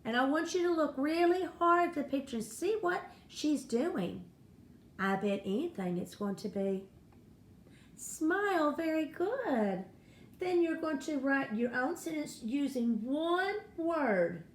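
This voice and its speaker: A woman's voice: high-pitched, big pitch swings, unhurried. A woman teaching a first-grade spelling and phonics lesson, speaking patiently and encouragingly to young children. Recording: echoey room with faint noise.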